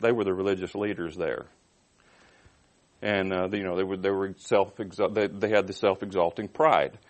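A man's voice: sits low, fairly even intonation, normal speed. A man preaching through a Bible passage, reading verses aloud and explaining them in plain, conversational terms. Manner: reads scripture aloud then explains it, with restarts and asides. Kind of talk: expository Bible teaching.

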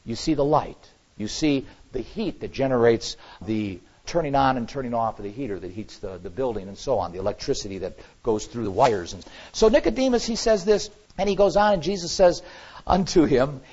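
A man preaches with big swings in pitch, rising to loud emphasis and dropping to quiet asides. His voice is husky and a bit higher than most men's. The recording sounds dull and lo-fi. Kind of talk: sermon.

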